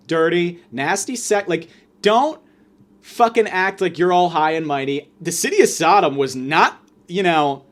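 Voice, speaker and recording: A young man hosting a podcast, ranting through a funny story with a lot of sarcasm and swearing. His voice sits a little high for a man. It swings widely up and down as he gets worked up. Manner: animated, profane, sarcastic storytelling with quick asides. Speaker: podcast host. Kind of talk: comedic storytelling rant.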